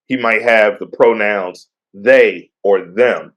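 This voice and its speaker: A man's voice: on the low side, slow pace, highs cut off. A middle-aged man co-hosting a podcast, chatting in a laid-back, joking way and patiently explaining things. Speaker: podcast co-host. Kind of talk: casual chat.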